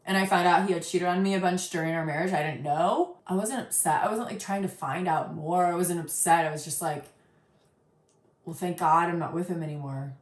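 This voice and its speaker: A woman's voice: on the low side, fairly quick, roomy sound. A woman in her thirties giving casual reaction commentary, blunt and sarcastic, swearing freely and telling personal stories. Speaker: reaction video host.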